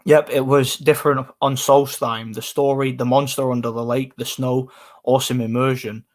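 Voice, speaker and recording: A man's voice: medium pitch, little pitch movement, normal speed. A man, casually chatting on a live stream and answering comments in a rambling way. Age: 20s.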